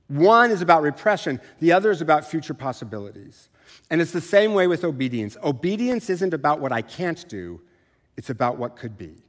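A man's voice: a little high, very animated, fairly quick. A middle-aged man preaching a sermon in a conversational, self-deprecating way. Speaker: pastor. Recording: long reverb of a large hall.

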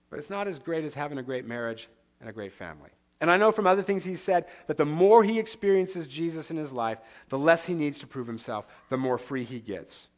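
A pastor with a somewhat high, fairly bright voice preaches a sermon. He's earnest and conversational, leaning on rhetorical questions.

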